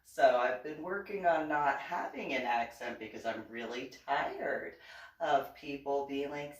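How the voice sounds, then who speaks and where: A woman's voice: a bass voice, a little slow. Woman, East Coast American accent, casual storyteller who laughs often and mimics others; distant mic, reverberant room. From East Coast of the United States. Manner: chatty, laughs often, acts out quoted voices. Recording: echoey room, set back from the mic.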